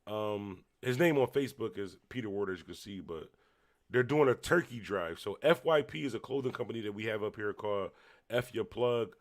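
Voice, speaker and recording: A man's voice: fairly low pitch, animated, a little fast. A man hosting his own livestream, chatting casually to viewers as y'all and muttering to himself while he searches his screen. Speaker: livestream host.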